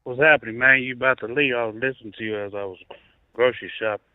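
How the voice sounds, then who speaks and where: A man phones in to a talk show, relaxed but insistent in how he makes his point. His voice comes through a tinny, dry phone line. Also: medium pitch, fast talker, no echo. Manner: laid-back, conversational, insistent. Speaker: caller. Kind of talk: phone call-in chat.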